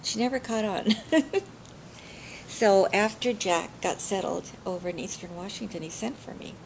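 A woman's voice: mid-range voice, measured pace, creaky, noisy background. An older woman telling family stories in an oral history interview, chatty and laughing often.

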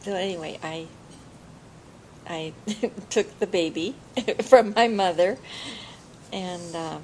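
A woman's voice: lowish voice, slow pace, darkish tone, a little hiss or hum, low-quality recording. An older woman telling family stories in an oral history interview, chatty and laughing often.

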